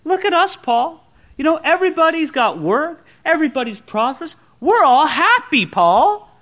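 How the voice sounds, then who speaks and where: A smug, self-satisfied churchgoer gloats in a mocking sing-song, as a male preacher puts the voice on. The voice sits high and swoops around with a bright edge. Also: sing-song, normal speed, exaggerated voice.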